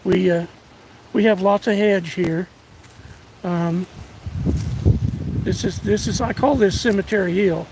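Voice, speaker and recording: A hoarse older man from the United States, live streaming on a phone outdoors in windy woods, chatting in a folksy, halting way and thanking viewers by name. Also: high voice. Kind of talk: casual live-stream chat. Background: faint wind and rustling leaves.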